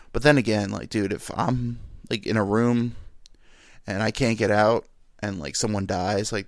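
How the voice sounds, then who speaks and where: A man's voice: lowish voice, no room sound, studio quality. A young man hosting a podcast, rambling in a casual, profane, self-deprecating monologue. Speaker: podcast host.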